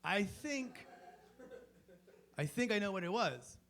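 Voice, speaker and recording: High-voiced male comic, rambling and profane, constantly breaking off mid-thought. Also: sing-song, slow pace, creaky, fairly bright tone. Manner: rambling, profane, self-interrupting. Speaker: stand-up comedian. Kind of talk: stand-up comedy set. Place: comedy club stage.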